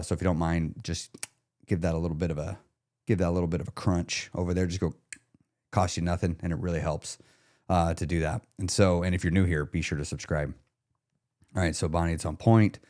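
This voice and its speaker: A man's voice: sits low, darkish tone. A man coaching viewers on a live stream, speaking emphatically, repeating key questions and checking in with his audience. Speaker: weight loss coach.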